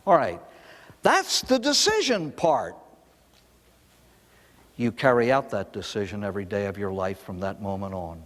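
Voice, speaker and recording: A man's voice: on the low side, a little slow, pauses often, long reverb tail. An older man, a priest, giving a recovery talk to an audience, telling stories and asking rhetorical questions. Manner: storytelling, animated, with rhetorical questions.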